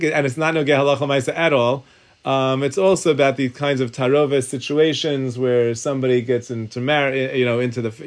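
A man with a mid-range voice gives a Talmud and halacha class in a synagogue study hall. He works through ideas aloud, restarting sentences often and sprinkling Hebrew terms through his English.

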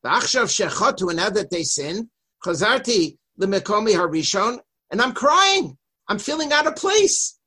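A man's voice: sits high, animated, moderate pace, bright, forceful tone, slightly rough, heavily acted. A man voicing God in anguished lament. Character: grieving God weeping over his lost house.

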